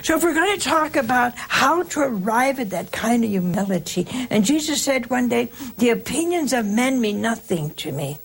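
Woman host giving a spiritual talk, gravelly and kinda husky, slow and earnest. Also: a little high, sing-song. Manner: earnest, reflective, slow emphatic parallel phrasing. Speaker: host of a religious call-in show.

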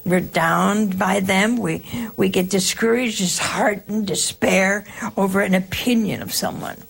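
Woman host, earnest reflective spiritual teacher, husky gravelly voice, mid pitch. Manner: earnest, reflective, slow emphatic parallel phrasing. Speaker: host of a religious call-in show.

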